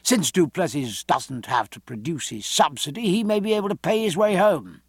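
A man reading the part of a tactless male guest who blurts his words quickly. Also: a little high, lively intonation, breathy edge, dry recording, studio quality, voice pushed up. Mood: eager.

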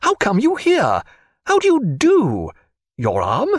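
Hearty frigate captain, narrator doing him, pitched way up, gushing. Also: male voice, wildly swooping pitch, slow, no echo, full character voice. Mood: delighted. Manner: high, effusive greetings. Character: hearty, delighted frigate captain, adult man.

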